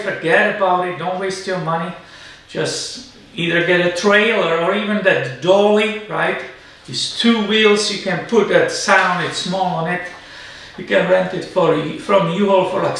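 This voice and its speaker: Man, car vlog host, chatty, slow, distant mic, big echo, faint noise. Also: high voice, creaky. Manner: chatty, keeps asking "right?", excited. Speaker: car repair channel host. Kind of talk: casual vlog to camera.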